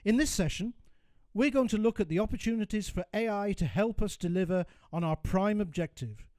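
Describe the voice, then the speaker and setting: A man's voice: sits high, fairly quick, a little mellow, no echo, clean studio sound. A man reading a polished, scripted voice-over that introduces a speaker at an event. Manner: polished, announcer-like. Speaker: event announcer.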